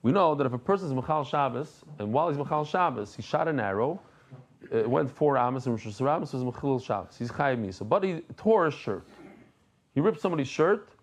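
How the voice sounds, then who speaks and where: A middle-aged man giving a daily Talmud lesson, animated and jokey, mixing in Hebrew and Yiddish terms. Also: mid-range voice, a little fast. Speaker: Talmud teacher.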